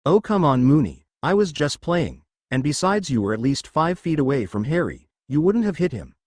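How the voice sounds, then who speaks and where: A male narrator puts on a mischievous young father who jokes and pleads playfully. His pitch sits a little above the reader's own and wanders lively, in a dry, close recording. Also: normal speed, no echo. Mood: pleading.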